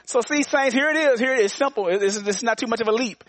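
A man's voice: high voice, animated, brisk, fairly bright tone, a little hiss or hum. A man of around sixty preaching a sermon, repeating lines for emphasis and inviting the congregation to answer back. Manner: repetitive call-and-response preaching with frequent laughs. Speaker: pastor.

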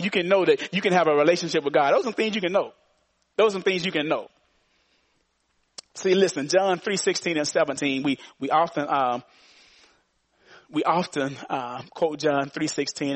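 Preacher guy, kinda high voice, animated, repeats himself, asks the crowd stuff. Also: dry recording. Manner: animated, call-and-response, repeats phrases, pitch leaps when stressing. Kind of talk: sermon.

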